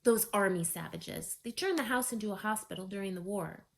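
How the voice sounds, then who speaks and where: A woman's voice: mid-range voice, lively intonation, normal speed, natural voice. Woman reading as stern Yorkshire housekeeper. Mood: indignant. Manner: stern, scolding, tutting. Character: stern older female housekeeper, formidable, disapproving.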